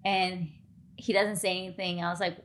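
A woman's voice: fairly low pitch, normal speed. A woman podcast co-host telling a story in casual chat, acting out the lines of the people in it. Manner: animated, acts out quoted dialogue.

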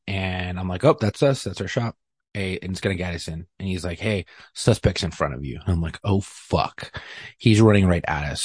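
A man telling a profane, animated story on a podcast, acting out the lines people said. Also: sits low, no echo, clean studio sound. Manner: profane, animated retelling with acted-out quotes. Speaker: podcast guest. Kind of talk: casual storytelling.

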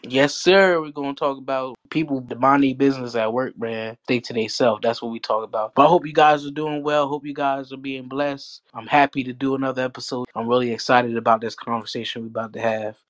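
A man's voice: medium pitch, fairly even intonation, fairly quick, hardly any pauses. A man co-hosting a casual podcast who reacts with laughter and emphatic outbursts. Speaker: podcast co-host. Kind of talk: casual chat.

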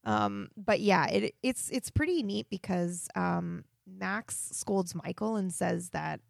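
A woman's voice: fairly low pitch, big pitch swings, slow pace, creaky, no room sound. A woman co-hosting a casual TV recap podcast, chatty, retelling scenes and acting out the lines on a close mic. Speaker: podcast co-host.

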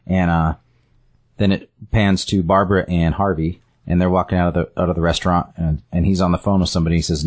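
A man's voice: sits low, flat delivery, fast, darkish tone. A man casually retelling a story scene by scene, rambling with fillers and self-corrections.

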